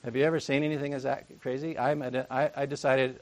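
A man's voice: mid-range voice, level tone, quick pace. Chatty man preaching a sermon. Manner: chatty, jokey asides and rhetorical questions. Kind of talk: conversational sermon.

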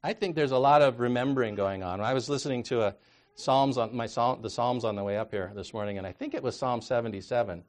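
Man, preacher, sermon, mid-pitched voice, chatty asides, loud emphatic peaks. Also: fast. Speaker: counselor.

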